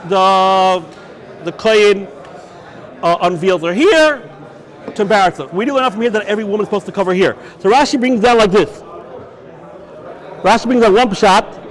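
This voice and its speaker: A man's voice: high voice, moderate pace, long pauses. A man, a rabbi, teaching Jewish law in a yeshiva lecture. He asks questions and answers them himself, and he mixes Hebrew and Yiddish terms into his English.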